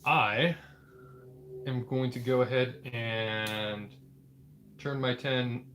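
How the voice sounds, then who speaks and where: A man's voice: medium pitch, steady tone, very slow, a bit bright, slight background noise. A man playing a board game with a friend, explaining the rules in casual chat.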